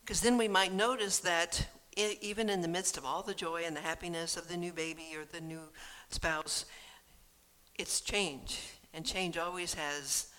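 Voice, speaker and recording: A speaker giving a gentle, earnest and reflective personal talk. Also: medium pitch, fairly even intonation, normal speed, smooth.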